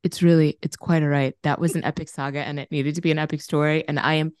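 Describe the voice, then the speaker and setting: Brief: woman co-host, low voice, exclamatory and self-deprecating, dry close mic. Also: fairly even intonation, fast, a little mellow, no room sound. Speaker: podcast co-host. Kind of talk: casual chat.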